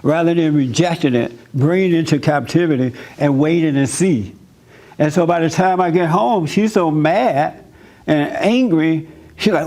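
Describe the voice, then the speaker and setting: A male pastor delivers a loose, humorous sermon in a conversational tone and circles back over his points. His voice sits on the higher side for a man. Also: normal speed, a little mellow. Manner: conversational, joking, repeats himself.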